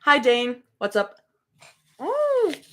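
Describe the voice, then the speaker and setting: A woman's voice: mid-range voice, expressive, unhurried, fairly bright tone. A young woman streaming from home, chatting casually and rambling between snacks during a live reading. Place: home room.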